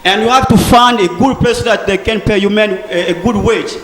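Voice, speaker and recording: Man, earnest debater laying out his case; higher voice, hall reverb. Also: normal speed, a bit bright. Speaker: debate participant. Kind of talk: argumentative speech in a discussion group. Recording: echoey hall with long reverb.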